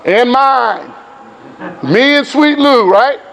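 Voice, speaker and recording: High-voiced male coach barking drill commands. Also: big pitch swings, slow pace, vocal fry, a bit bright, rough recording. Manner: calls out short, repeated drill commands; explains points to watching coaches between drills. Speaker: basketball coach running a clinic. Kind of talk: on-court coaching demonstration. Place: indoor basketball court.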